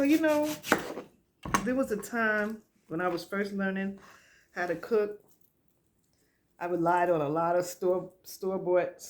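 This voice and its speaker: A middle-aged woman chatting casually while she cooks in her home kitchen, laughing often and talking straight to her viewers. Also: lowish voice. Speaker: home cook vlogger. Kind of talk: casual cooking chat.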